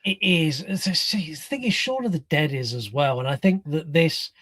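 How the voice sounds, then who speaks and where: A man with a British accent, in his thirties, swapping stories on a film podcast. He talks quickly and chattily, and his voice sits a little higher than most men's. He is recorded close to the mic in a dry room. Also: animated, fairly bright tone, slightly rough, dry recording. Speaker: podcast co-host. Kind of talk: casual film chat.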